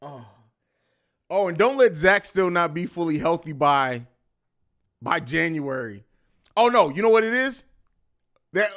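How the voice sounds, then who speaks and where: A man's voice: high-pitched, fairly bright tone. An American man hosting a casual post-game live stream, profane and slangy, who laughs a lot as he talks.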